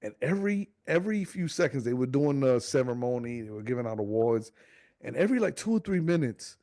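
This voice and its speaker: A young adult man co-hosting a podcast tells a family story in a brisk voice, recorded cleanly in a studio with no room sound. He's an animated, casual storyteller who swears freely and acts out the people's quotes in high voices.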